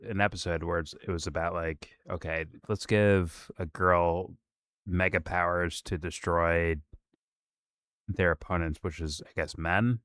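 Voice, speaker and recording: A man with a very deep, smooth voice co-hosting a reaction video. He talks casually, throwing in sarcastic, mumbled comments over the clip, recorded dry and close. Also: fairly bright tone, no room sound. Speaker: co-host of a reaction show.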